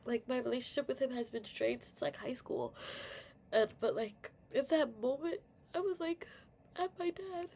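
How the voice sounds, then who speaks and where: A woman's voice: high voice, normal speed, vocal fry, a little mellow, slight background noise. Candid, swearing young woman venting. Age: young adult. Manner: candid, swearing, many fillers, tearful at times. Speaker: vlogger. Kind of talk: emotional personal rant.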